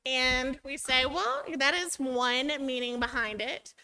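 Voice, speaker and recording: A woman's voice: sits high, slow, sharp tone, clear, resonant tone, low-quality recording. A woman teacher giving a chatty training talk, often acting out her students' voices.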